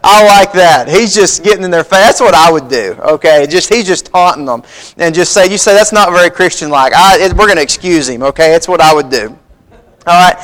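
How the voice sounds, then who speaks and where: High-voiced preacher man. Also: brisk, fairly bright tone. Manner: folksy preaching, reads scripture aloud, rising emphasis. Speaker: pastor. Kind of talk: sermon. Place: church sanctuary.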